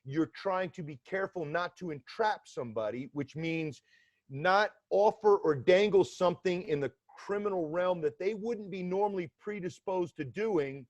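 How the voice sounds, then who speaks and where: A man's voice: high voice, normal speed, no echo, dull audio. A man in his fifties from Atlanta with a New York accent, a former federal agent talking as a podcast guest in a blunt, streetwise way with wry humor. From Atlanta, Georgia, US South. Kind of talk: casual interview talk.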